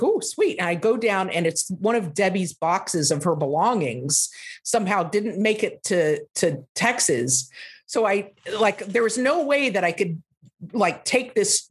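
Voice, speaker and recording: A woman's voice: mid-range voice, animated, a little slow, husky. A woman spins a casual comic anecdote as a podcast guest, wandering through fillers and restarts. She brings the story to life by acting out quotes. Her voice sits in a middle register for a woman. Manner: rambling, with many fillers and restarts.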